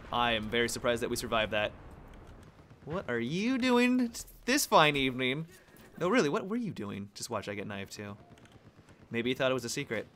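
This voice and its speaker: A young man giving casual, joking commentary over his own gameplay, excitable and laughing, with sudden high squeals of surprise. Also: a little hiss or hum.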